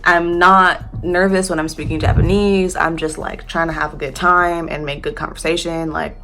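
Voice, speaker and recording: A woman's voice: sits low, little pitch movement, normal speed, pushed and bright, a little hiss or hum. A young American woman casually telling a storytime tale, chatty, laughing and swearing freely. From United States.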